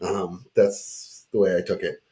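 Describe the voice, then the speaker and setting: A man's voice: sits low, level tone, unhurried, dark tone. Joking man hosting a chat show. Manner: loose and joking, reads sponsor plugs. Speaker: talk show host. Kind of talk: casual chat with ad reads.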